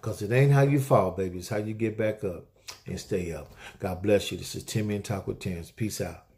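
A man's voice: fairly low pitch, a little fast, a little mellow. A middle-aged man hosting a weekly inspirational talk, preaching to viewers in an exhorting, repetitive way and calling out amens.

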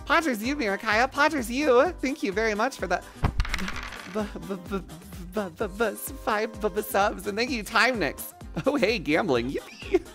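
A woman's voice: medium pitch, expressive, moderate pace, music in the background. A woman streaming live in casual, playful chat, thanking viewers and joking crudely with frequent laughter. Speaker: livestreamer.

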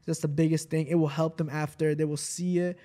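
A man's voice: on the high side, flat delivery, brisk, mellow. A young man co-hosting a podcast, talking earnestly and agreeing readily, with many fillers like "like". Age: young adult. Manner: earnest, affirming, heavy use of "like". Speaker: podcast co-host, host's son. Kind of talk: casual podcast chat.

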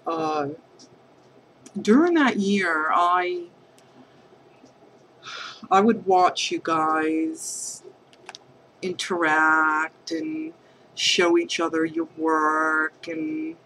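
Slow, hesitant, earnest woman vlogger. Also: sits low, steady tone, a bit bright, a little hiss or hum, rough recording. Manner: emotional, affectionate. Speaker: crafting vlogger. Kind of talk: heartfelt talk to camera.

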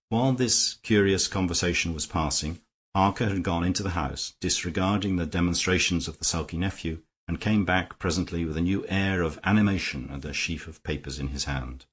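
A man narrating an audiobook in a steady storytelling manner. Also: low-pitched, fairly quick, slightly rough. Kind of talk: scripted narration.

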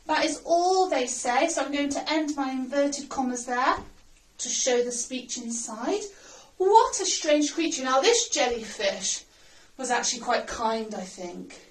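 A woman's voice: high-pitched, animated, measured pace. A woman teaching a recorded primary school writing lesson, sounding out words letter by letter. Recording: roomy sound, mic at a distance.

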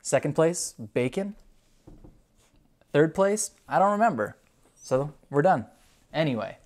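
An upbeat dog owner talking through a puppy's treat test in a casual vlog. The voice is mid-pitched and everyday. Brisk commands to the dog alternate with chatty, running commentary. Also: animated, darkish tone. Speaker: dog owner and video host.

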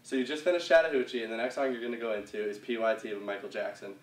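A young man calmly explaining line dance steps one by one in a casual, easygoing way. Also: mid-range voice, racing. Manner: casual, walks through moves with fillers like "kinda". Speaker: dance instructor. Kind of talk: step-by-step dance instruction. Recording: roomy sound, mic far off.

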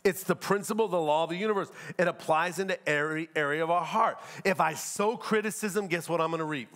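A middle-aged man pastor preaching a sermon, animated, asking the crowd rhetorical questions and acting out quotes. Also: on the high side, quick pace.

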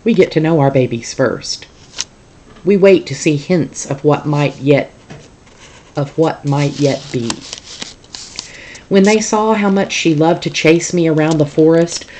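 A teacher reading a novel aloud to a class in a calm, steady storytelling manner. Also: mid-range voice, a little slow, slight background noise.

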